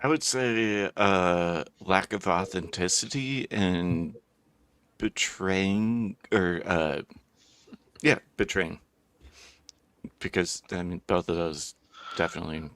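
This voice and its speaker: A man's voice: deep voice, takes it slowly, pauses often, fairly bright tone, clean tone. A man in a casual online debate giving a hesitant, rambling answer over a call mic. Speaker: debate participant. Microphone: video call mic.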